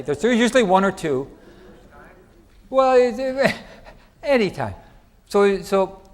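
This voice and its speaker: A middle-aged man giving a conference lecture in a lively, chatty way, asking the audience questions. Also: on the high side. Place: lecture hall.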